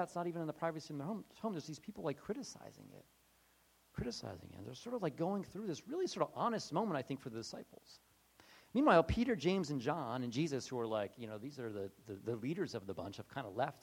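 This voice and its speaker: A man preaching a casual sermon in a conversational way, acting out the voices of people he quotes. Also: mid-range voice. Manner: conversational, acts out quoted voices, many restarts. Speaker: pastor.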